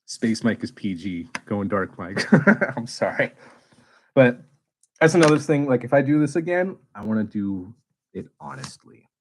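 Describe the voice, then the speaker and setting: A man hosting a casual livestream, chatting candidly and swearing freely, and now and then working himself into animated rants. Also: medium pitch, measured pace, long pauses, a little hiss or hum, poor audio. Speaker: space YouTuber and livestream host.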